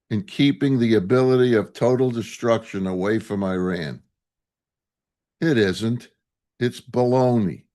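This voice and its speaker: A man preaching a sermon as a rabbi, indignant and impassioned, asking rhetorical questions. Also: mid-range voice.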